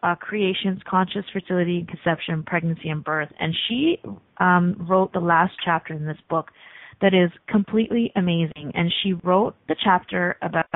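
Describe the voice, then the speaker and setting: A woman hosting a radio talk show, talking fast with many ums. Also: lowish voice, no echo, narrow, tinny audio. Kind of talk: casual talk radio monologue.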